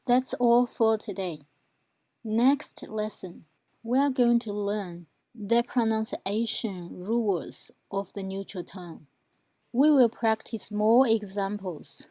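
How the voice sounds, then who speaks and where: Slow, patient woman teaching tones. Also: medium pitch, dark tone, dry recording. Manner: patient, repeats example words slowly for learners to copy. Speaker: Chinese language teacher. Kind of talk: online language lesson.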